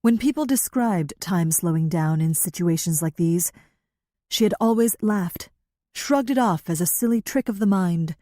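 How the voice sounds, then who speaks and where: A woman narrating a novel in a steady, measured storytelling voice. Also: lowish voice, no room sound, studio quality. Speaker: audiobook narrator. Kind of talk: scripted narration.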